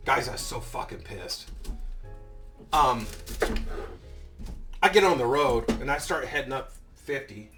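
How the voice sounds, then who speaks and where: A man's voice: high voice, fairly bright tone, recorded from a distance. A man in his fifties telling a story as a vlogger, ranting heatedly and swearing a lot. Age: 50s. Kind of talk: casual storytelling.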